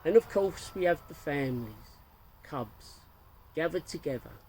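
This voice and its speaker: A man's voice: on the high side, lively intonation, measured pace, a little mellow, slight background noise, voice pushed up, low-quality recording. A man voicing a playful, show-off family man who narrates a mock nature documentary in grandiose tones. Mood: flowery.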